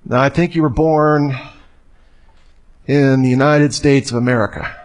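A man voicing a smug male fairground psychic with playful, drawn-out reveals in a story told to a live audience. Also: mid-range voice, fairly even intonation, lightly acted. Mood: teasing.

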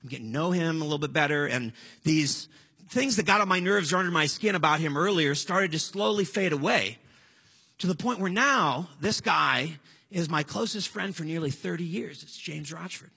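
Gravelly, bright-voiced male preacher. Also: on the high side, lively intonation, moderate pace. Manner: conversational, storytelling, earnest. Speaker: pastor. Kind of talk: sermon.

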